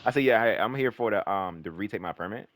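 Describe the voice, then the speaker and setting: A man's voice: fairly low pitch, fast talker, dry recording. A young man telling a long, rambling story in casual chat, swearing freely and filling his speech with "like" and restarts. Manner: animated, profane, rambling with fillers.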